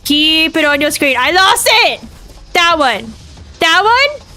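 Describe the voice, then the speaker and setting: A woman's voice: high-pitched, animated, unhurried, sharp tone, soft background music. A young woman streaming a game, talking herself through it in a frantic, swearing way. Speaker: VTuber streamer. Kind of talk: live gameplay commentary.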